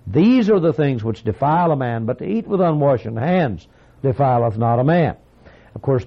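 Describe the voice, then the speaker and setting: A man preaching a sermon, reading scripture aloud and explaining it in a deliberate, emphatic way. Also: on the high side. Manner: deliberate, emphatic, reads scripture aloud in King James wording. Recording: dull lo-fi recording.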